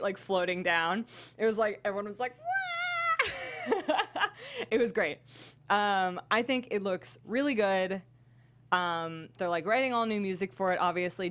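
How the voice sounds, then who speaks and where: A young woman co-hosting a podcast, recounting convention news in an animated, casual way with lots of "like.". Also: fairly low pitch. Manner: animated storytelling, heavy use of "like". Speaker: podcast co-host. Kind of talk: casual chat.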